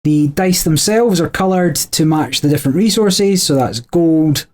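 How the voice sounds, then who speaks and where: A man's voice: on the high side, measured pace. A man co-hosting a podcast, explaining board game rules in a chatty way with frequent small laughs. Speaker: podcast co-host.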